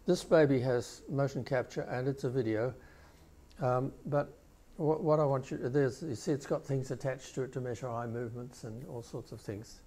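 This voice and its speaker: Older man giving a mellow keynote lecture. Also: mid-range voice, moderate pace. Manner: explanatory, walks listeners through clips step by step. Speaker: keynote speaker. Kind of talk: conference lecture.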